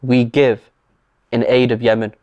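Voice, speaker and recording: A man co-hosts a podcast in a measured, reflective manner. His voice sits at an ordinary male pitch, and it is recorded close and dry with no room sound around it. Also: level tone, darkish tone, no room sound, dull audio. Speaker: podcast co-host. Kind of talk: podcast conversation.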